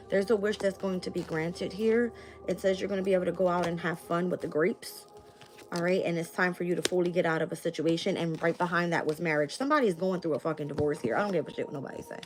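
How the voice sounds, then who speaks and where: A woman's voice: lowish voice, background noise. A young adult woman, reading tarot on a live stream, blunt and swearing casually. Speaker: tarot reader.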